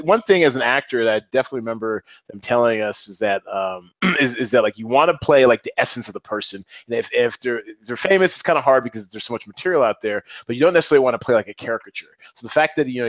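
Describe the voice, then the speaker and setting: A man chats in long, rambling runs and laughs easily as he talks. His voice sits in a middle pitch. The sound is dry and a little dull. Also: dry recording. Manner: animated, rambling, laughs often. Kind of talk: casual chat.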